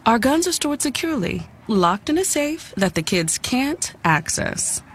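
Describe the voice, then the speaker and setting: A woman's voice: fairly high pitch, very animated, measured pace, faint music behind. A woman acting an easygoing neighbor in an ad dialogue. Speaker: actor in ad skit. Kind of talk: friendly ad dialogue.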